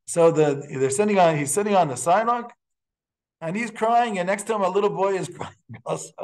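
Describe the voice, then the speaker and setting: Halting male rabbi, higher-pitched voice. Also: a little mellow, a little hiss or hum. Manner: storytelling with laughs and Hebrew quotes; halting, frequent restarts. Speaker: rabbi lecturing. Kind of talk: classroom lecture.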